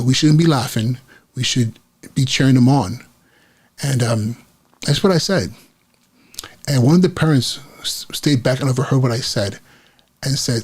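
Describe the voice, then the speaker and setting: A man's voice: mid-range voice, husky. A man hosting a podcast, earnestly retelling a story from his career as an educator, acting out the quotes with frequent restarts. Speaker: podcast host, school principal. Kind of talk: personal storytelling monologue.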